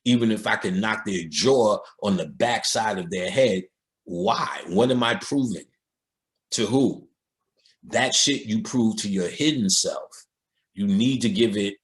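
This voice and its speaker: A man's voice: lowish voice, a bit bright. A male occult lecturer talking in a casual, streetwise and profane way, telling stories and mimicking other people's voices.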